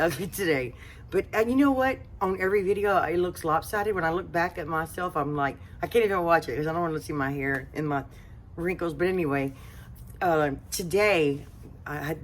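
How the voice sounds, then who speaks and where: A Southern woman with a notably low voice talks casually to her cooking channel viewers. She rambles and drifts between thoughts, with plenty of "uh" and "anyway". A faint hum sits in the background. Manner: chatty, rambling, many fillers. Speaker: home cooking channel host. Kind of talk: casual talk to camera.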